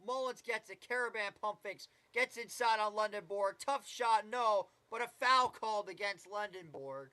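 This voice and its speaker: A man's voice: sits high, moderate pace, bright, forceful tone. A man doing casual live play-by-play commentary of a basketball game, with chatty asides and mild swearing.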